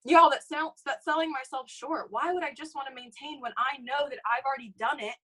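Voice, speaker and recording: Bright, punchy motivational woman. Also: high voice, a little fast, low-quality recording. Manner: energetic, peppered with "okay?" and "you guys". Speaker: network marketing team leader. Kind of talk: motivational talk to a team.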